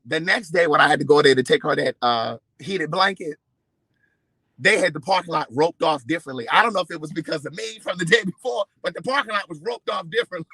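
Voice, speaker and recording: A man with a high, very bright voice tells a story to his camera in an animated way, with plenty of profanity. He acts out the lines of each person in it. The sound is close and dry. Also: gravelly, breathy edge, no room sound, poor audio. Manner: expressive, profane, acts out quotes with big swings in loudness. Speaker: vlogger.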